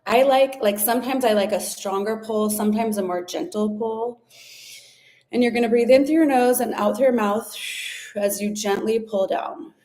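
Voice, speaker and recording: A woman guides listeners through an ear massage and slow breathing. She talks gently and without hurry, step by step. Now and then she stops to search for a word. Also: a little high. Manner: gentle and unhurried, with fillers and restarts. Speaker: somatic practice instructor. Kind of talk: guided body practice instruction.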